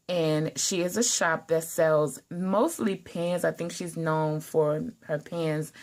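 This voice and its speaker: A woman hosting a casual unboxing vlog, excitable and gushing with frequent exclamations. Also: sits low. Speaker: planner channel host.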